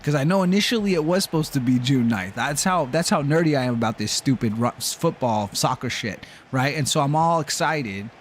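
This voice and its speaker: A man's voice: mid-range voice, fairly quick, hardly any pauses, slight background noise. Man ranting casually on a game stream. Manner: animated ranting storyteller, swears freely. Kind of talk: casual live-stream chat.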